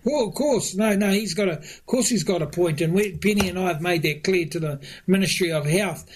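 A man, a government minister answering interview questions, halting with many fillers and restarts and chuckling often. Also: sits high, slight background noise. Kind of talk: radio interview guest.

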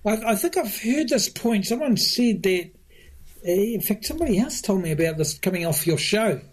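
A man, a government minister answering interview questions, halting with many fillers and restarts and chuckling often. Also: high-pitched, expressive, slightly rough. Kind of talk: radio interview guest.

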